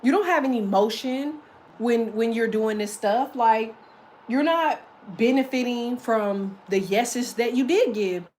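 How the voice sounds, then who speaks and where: A woman giving a casual tarot reading, blunt and profane, talking in emphatic, lively rants. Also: on the high side, measured pace, poor audio. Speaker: tarot reader.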